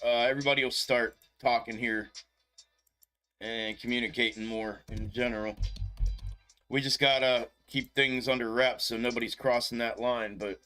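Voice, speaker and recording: Bright-voiced laid-back male streamer. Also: mid-range voice. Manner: laid-back, profane, chuckles often, addresses viewers as bro. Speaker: stock market livestream host. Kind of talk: casual live-stream chat.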